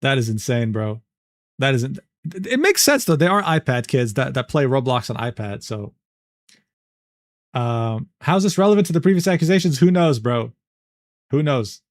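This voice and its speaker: A man's voice: mid-range voice, animated, normal speed, long pauses, no room sound, studio quality. A man reacting casually on a livestream, incredulous and slangy, often breaking into laughs. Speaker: streamer reacting to a document.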